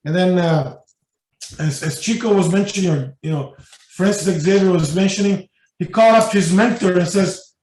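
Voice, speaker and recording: A man's voice: sits high, moderate pace, darkish tone. A man giving a spiritual lecture as guest speaker, telling stories loosely with many fillers and restarts. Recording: echoey room, mic at a distance.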